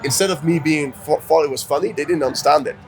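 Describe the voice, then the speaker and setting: Guy telling a story fast, slightly high voice, lots of um and yeah, soft music under it. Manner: animated storyteller, acts out quotes, many fillers. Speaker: dating coach, co-host. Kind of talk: casual storytelling chat.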